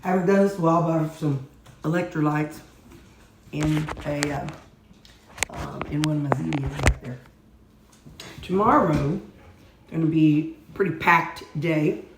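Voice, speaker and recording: A woman's voice: low-pitched, normal speed, pauses often, a little hiss or hum. A woman vlogging at home in a rambling, chatty, self-deprecating way, talking casually to her camera. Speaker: weight-loss vlogger.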